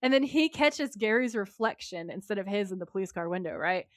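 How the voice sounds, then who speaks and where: A woman's voice: mid-range voice, animated, fairly quick, no echo, clean studio sound. A woman, co-hosting a podcast and animatedly recapping an episode, acting out quotes from her notes. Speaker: podcast co-host. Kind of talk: casual recap chat.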